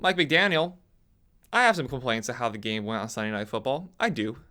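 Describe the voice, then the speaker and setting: Animated, bright-voiced young man ranting. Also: mid-range voice, fairly quick. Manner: animated, ranting, voice leaps up when mocking others. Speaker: sports commentator. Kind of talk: opinionated sports talk monologue.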